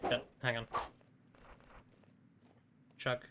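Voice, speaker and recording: A man's voice: extremely slow, heavy background noise. A man casually commenting while playing a video game on a live stream, chatty, swearing freely and talking to himself in short bursts.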